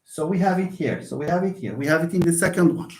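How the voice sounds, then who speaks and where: Middle-aged Moroccan-accented male lecturer, slightly high voice, mixes English with dialect Arabic. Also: expressive. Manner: switches between English and dialect Arabic, drawn-out modelling of sounds. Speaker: university linguistics lecturer. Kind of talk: live online lecture.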